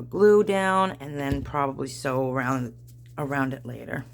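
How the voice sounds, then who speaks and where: A woman's voice: a bass voice, unhurried, gravelly, a little hiss or hum. A woman, chatting to herself and viewers while she makes a craft at home, in a chatty, self-deprecating way. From New Jersey. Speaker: craft vlogger. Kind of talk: casual craft-along chat.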